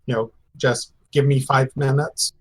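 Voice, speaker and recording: A man playing a rogue in a tabletop game, laying out his plans slowly and deliberately. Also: mid-range voice, flat delivery, slightly rough, poor audio. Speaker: player.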